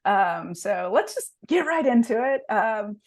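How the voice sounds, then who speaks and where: A woman's voice: mid-range voice, big pitch swings, measured pace. A woman hosting a casual podcast, chatty and laughing often between her remarks. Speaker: podcast host, magazine editor.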